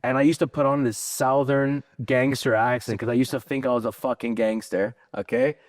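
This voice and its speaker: A man's voice: mid-range voice, fairly even intonation, brisk, no room sound. A man with a mid-range voice tells his business stories bluntly and casually. He swears freely and plays out the dialogue he recalls. The sound is dry and close. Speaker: business owner and guest. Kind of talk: casual interview storytelling.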